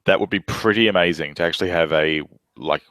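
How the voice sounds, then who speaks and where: A man's voice: deep voice, fairly quick, fairly bright tone, no room sound. A man who is a parent, co-hosting a podcast in casual chat, with exclaiming, wry asides.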